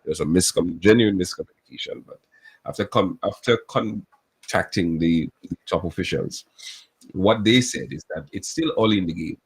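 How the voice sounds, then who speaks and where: Deep husky man explaining. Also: poor audio. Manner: earnest, explains at length with many restarts. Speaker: government official as studio guest. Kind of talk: radio talk show interview.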